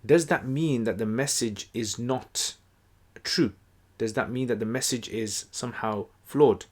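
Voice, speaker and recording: A man giving a casual explanatory lesson, conversational and relaxed, with many fillers and restarts. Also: mid-range voice, unhurried. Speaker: Quran teacher.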